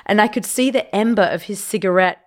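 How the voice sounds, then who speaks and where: A woman's voice: mid-range voice, brisk. A woman co-hosting a podcast, chatting casually and reading listener stories aloud, slightly hungover. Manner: chatty, animated storytelling with laughs. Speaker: podcast co-host.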